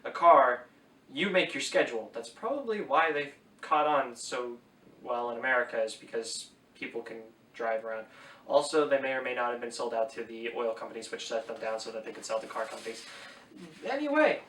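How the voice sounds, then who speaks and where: A man's voice: medium pitch, expressive, a little fast, a bit bright, slight background noise. A man giving a casual book review, chatty and opinionated, with wry asides. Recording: echoey room, voice a bit distant from the mic.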